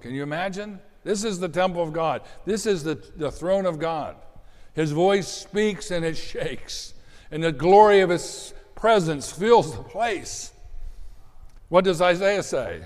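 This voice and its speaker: A man preaching a sermon in an animated way, dropping to soft asides and rising to shouted bursts. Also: on the high side, a little slow. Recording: long hall reverb.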